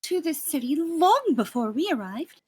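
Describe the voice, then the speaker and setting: A woman's voice: high-pitched, very animated, moderate pace. A woman player in a tabletop game, speaking in character in a prim, mannered way.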